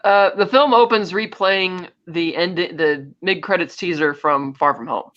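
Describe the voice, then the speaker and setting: A man co-hosting a podcast, casually retelling a film plot in a rambling, animated way. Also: high-pitched, unhurried, highs cut off. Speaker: podcast co-host. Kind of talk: casual chat, film recap.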